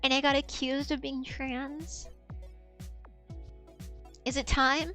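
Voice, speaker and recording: A young woman streamer chats candidly in a loose, rambling way, often trailing off into repeated "I don't know." Her high-pitched voice is pushed and bright, with little pitch movement and a slow pace, over soft background music.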